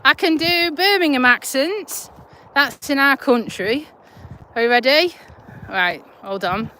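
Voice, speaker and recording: Woman, Yorkshire-Lincolnshire accent, blunt and chatty, slightly high voice, outdoor phone live stream. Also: lively intonation, slow pace, bright, forceful tone, a little hiss or hum. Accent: Yorkshire-Lincolnshire English. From Lincolnshire, England. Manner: chatty, laughing, broad and blunt. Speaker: vlogger, nurse. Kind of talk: casual live chat while walking a dog. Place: outdoors on a country walk.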